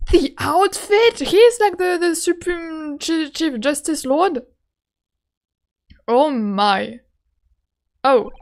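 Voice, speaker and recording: A woman streaming a game playthrough, excitable and giggly, talking loosely with lots of fillers. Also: high-pitched.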